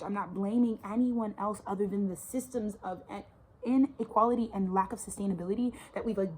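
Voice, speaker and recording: A woman's voice: mid-range voice, darkish tone, a little hiss or hum. A woman in her twenties from Texas, ranting emphatically in a casual, profane, slang-heavy monologue outdoors by a suburban yard. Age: 20s. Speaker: vlogger. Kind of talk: casual spiritual rant.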